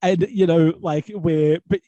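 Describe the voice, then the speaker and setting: A man's voice: on the high side, fairly even intonation, a little slow, dark tone, no room sound, highs cut off. An Australian man, a wrestling commentator, telling stories in a casual podcast chat, rambling with many fillers and restarts. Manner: rambling storyteller with many ums, likes and restarts. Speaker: wrestling commentator and promoter, guest.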